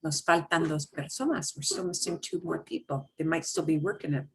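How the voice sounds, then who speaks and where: A woman's voice: sits low, fairly quick, husky. A woman teaching a beginner Spanish class over a video call, patiently modeling words for students to repeat.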